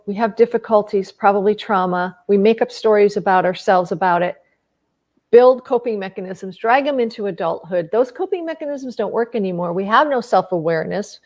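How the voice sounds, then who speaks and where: A middle-aged woman coaching on relationships in a relaxed, talky monologue, with a voice of middle pitch. She acts out the quoted lines of the people in her stories and often stumbles and restarts mid-sentence. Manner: acts out quoted dialogue with lively shifts in voice; repeats words and restarts often. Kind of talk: casual monologue to an audience.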